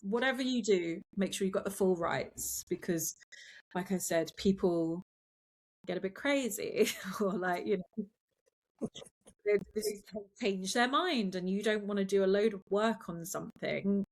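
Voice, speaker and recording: A young adult woman, a film producer, chatting casually as a guest in an interview, with quick asides and laughs. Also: medium pitch.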